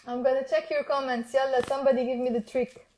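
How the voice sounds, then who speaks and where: A Lebanese woman teaching her dialect in a live online lesson, in English with Arabic words, coaxing viewers to repeat after her and slowing down to spell words out. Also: high-pitched, level tone, a little mellow.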